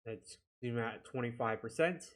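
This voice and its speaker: A man giving a casual software tutorial, talking himself through each click with a chatty, self-deprecating manner. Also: medium pitch, moderate pace. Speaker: video editing instructor.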